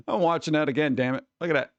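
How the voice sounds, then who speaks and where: A man's voice: a little high, no room sound, muffled recording. A man hosting a casual live stream, rambling and joking as he chats with his viewers on a close desk mic. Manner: rambling, joking, talks to chat. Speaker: streamer host.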